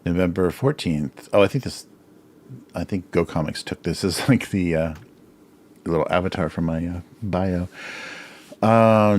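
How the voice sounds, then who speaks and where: A middle-aged man with a low, deep voice talks casually through a drawing livestream. He muses aloud, chuckles often and pokes fun at himself. His voice sounds a little strained. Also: darkish tone. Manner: chuckles often, musing and self-deprecating. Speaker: cartoonist livestream host.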